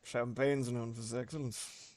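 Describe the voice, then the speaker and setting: A man doing an impression of a drunk old actor slurring through a wine commercial in a slow, pompous drawl. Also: mid-range voice, level tone, darkish tone, no room sound, lightly acted. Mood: drunken pompous.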